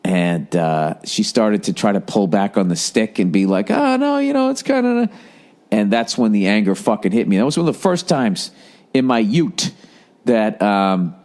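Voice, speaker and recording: A man's voice: fairly low pitch, animated, normal speed, darkish tone. A middle-aged man, a comedian and podcast host, telling a rambling, profane comic story in casual chat.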